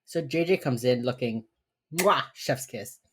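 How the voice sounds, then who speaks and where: A woman's voice: extremely low pitch, animated, a little slow, a little hiss or hum. A woman co-hosting a podcast, rambling through a TV episode recap, swearing casually and laughing often. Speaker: podcast co-host.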